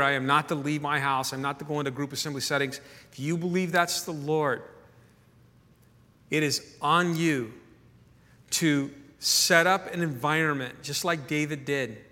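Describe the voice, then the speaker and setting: Earnest pastor preaching in an echoing hall. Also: male voice, a little high, measured pace, pushed and bright. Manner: earnest, repeats words when stirred. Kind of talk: sermon. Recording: echoey hall reverb.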